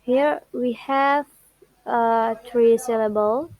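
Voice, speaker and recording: Slow, careful young woman student. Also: a little high, darkish tone, dry recording, poor audio. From Indonesia. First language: Indonesian. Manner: careful, halting non-native delivery, drawing out example words. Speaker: student presenting a learning log. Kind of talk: classroom presentation.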